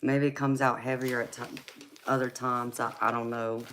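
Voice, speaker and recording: A woman with a Southern US twang, softly chatting with her livestream viewers and calling them honey and baby. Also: rumbling low, little pitch movement, normal speed, slight background noise. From California. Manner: soft-spoken, affectionate, calls viewers honey and baby. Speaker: livestream host and tarot reader. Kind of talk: casual live chat with viewers.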